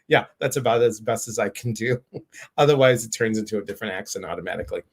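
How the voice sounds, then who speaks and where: Bubbly and excited, a man hosts a casual live stream, enthusiastically greeting viewers one at a time. His voice is on the low side and he talks quickly.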